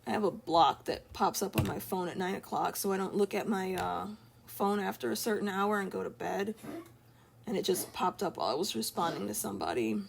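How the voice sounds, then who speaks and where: A woman's voice: medium pitch, a little fast, gravelly, a little hiss or hum. A young woman chatting casually while she draws on a live stream at home, rambling and laughing often. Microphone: streaming from an iPad.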